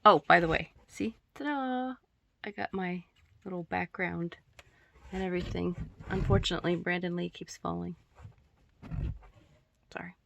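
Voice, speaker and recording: A woman chatting and then casually reading her own story aloud to a phone in a room at home, with giggles and throat-clearing asides. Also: lowish voice. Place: room at home with poster backdrop.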